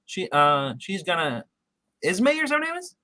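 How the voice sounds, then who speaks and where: Man, podcast co-host, high bright voice, rambling recap with restarts, dry sound. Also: huge pitch swings, normal speed, dry recording. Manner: rambling, many restarts and acted-out quotes. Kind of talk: casual TV episode recap chat.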